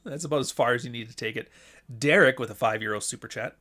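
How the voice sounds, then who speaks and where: Man, livestream host, mid pitch, blunt swearing rant, casual delivery. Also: fast talker, bright, forceful tone. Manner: profane, blunt, ranting. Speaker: podcast host.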